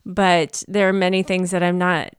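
A woman's voice: lowish voice, level tone, normal speed, smooth, dry recording. Rambling woman podcast host, dry sound. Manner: rambling, full of "like" and "you know". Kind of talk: casual podcast chat.

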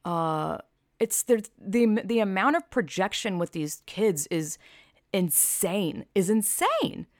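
Gravelly blunt woman commentator. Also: mid-range voice, very animated, takes it slowly, no room sound, clean studio sound. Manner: blunt, sarcastic, profane. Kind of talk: opinion vlog commentary.

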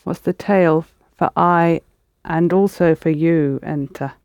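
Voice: mid-range voice, fairly even intonation, slow, darkish tone, clear, resonant tone, dry recording, clean studio sound. A teacher running a spoken Arabic lesson, patiently prompting students and explaining pronunciation.

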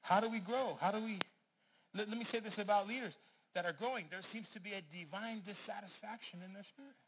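Man, pastor, sermon, high voice, bright and forceful, builds to shouts. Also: brisk, a little hiss or hum. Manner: energetic preaching, rising to shouts.

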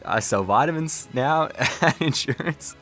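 A man's voice: a little high, expressive, unhurried, a bit bright, faint music behind. A man impersonating a cheesy male celebrity athlete selling products in a comedic ad parody. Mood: salesy. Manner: salesy, goofy, laughs at himself.

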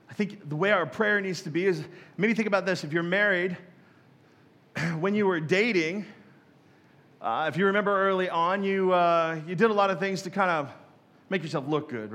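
A man's voice: fairly high pitch, a bit bright, big-room sound. A man preaching a sermon as a pastor, casual and joking, who acts out other people's prayers in mock voices.

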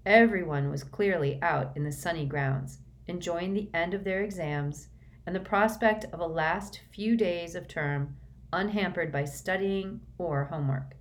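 Audiobook narrator, woman, deep for her sex, measured and steady. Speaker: audiobook reader. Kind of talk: storybook narration.

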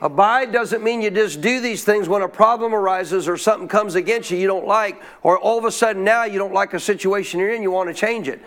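A man's voice: sits high, brisk, hardly any pauses, fairly bright tone. A man preaching a sermon as pastor, reading verses and prompting his congregation to answer his questions aloud. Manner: call-and-response preaching, asks congregation questions. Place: church.

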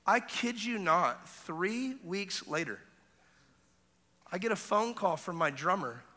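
A man preaching a revival sermon as an evangelist, telling stories and acting out voices, going from hushed to shouting. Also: high voice, lively intonation, slow. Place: large church hall. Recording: long hall reverb.

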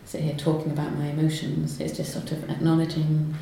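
A woman poet talking in an interview, hesitant with many pauses and restarts, then reading her own poems aloud. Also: sits low, completely flat delivery, vocal fry, dark tone. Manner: hesitant, lots of ums and restarts when talking. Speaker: poet guest. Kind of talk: conversational interview and poetry reading. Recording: roomy echo, faint noise.

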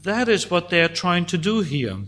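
A man preaching a sermon, teaching slowly and deliberately through a psalm and voicing God's words at times. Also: sits high, expressive, a bit bright.

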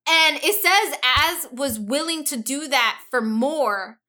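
A woman casually chatting about a book with a co-host, animated and gossipy, full of slang. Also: high-pitched, slow pace. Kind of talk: casual book discussion chat.

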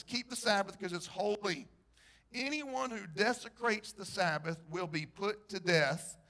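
High-voiced male pastor preaching. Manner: animated preacher, asks the congregation questions. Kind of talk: sermon.

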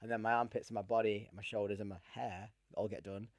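A man's voice: fairly low pitch, little pitch movement, quick pace, no room sound, clean studio sound. A young man co-hosting a podcast in casual chat, rambling and laughing often. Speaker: podcast co-host.

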